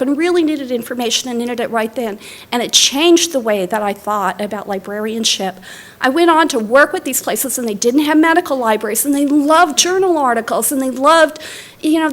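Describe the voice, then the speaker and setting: Her voice is fairly high and a bit bright as she, a middle-aged library director, lectures in a lecture hall. The academic talk is sprinkled with personal stories told casually, with fillers and restarts along the way.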